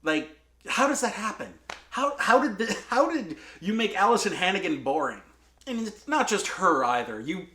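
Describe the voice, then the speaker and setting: A man's voice: on the high side, fairly bright tone. A man giving a casual spoken movie review, candid and exasperated, with lots of "like" fillers. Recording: echoey room.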